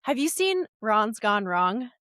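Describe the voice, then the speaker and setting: A woman's voice: medium pitch, big pitch swings, slow pace, a bit bright, no room sound, clean studio sound. A woman co-hosting a podcast in a casual chat, talking in a rambling way with many fillers. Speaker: podcast co-host.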